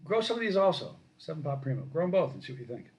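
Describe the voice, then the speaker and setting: A middle-aged man hosting a casual live stream, reading viewer comments and telling lively stories that grow loud when he gets excited. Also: on the high side, quick pace, poor audio. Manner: animated storyteller, rising loud when excited.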